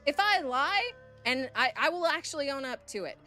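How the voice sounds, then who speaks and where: A woman's voice: high-pitched, lively intonation, normal speed, sharp tone, soft background music. A woman streamer telling a story to her chat in a blunt, profane, heated way.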